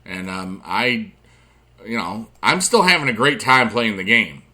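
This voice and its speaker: Male gaming host, bright tone, chatty rambling commentary with sudden loud bursts. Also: fairly low pitch, measured pace. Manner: rambling, chatty, drifts from quiet asides to loud excited bursts; addresses viewers directly with friendly advice. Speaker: YouTube gaming channel host.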